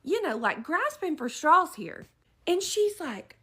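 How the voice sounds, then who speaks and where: Animated woman telling a story. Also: extremely high pitch, a little slow. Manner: animated, dramatic retelling. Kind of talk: storytime narration.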